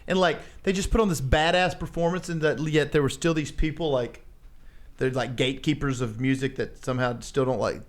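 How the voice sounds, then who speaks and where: A man co-hosting a podcast, telling stories in casual chat, animated, swearing and laughing often. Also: mid-range voice, fairly quick. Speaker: podcast co-host.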